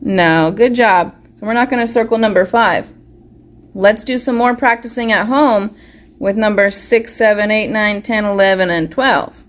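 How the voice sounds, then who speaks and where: A woman teaching a live online phonics lesson to young children, slowly sounding out words and praising them warmly. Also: medium pitch. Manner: slow, encouraging, sounds words out carefully. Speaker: preschool teacher. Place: school or home classroom, live stream.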